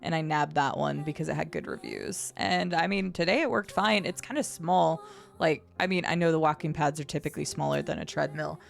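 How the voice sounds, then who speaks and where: A woman streamer chatting casually with her viewers. She has a low vocal fry at the ends of her phrases, rambles, and laughs often. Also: fairly quick. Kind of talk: casual live-stream chat, reading and answering chat. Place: home streaming setup.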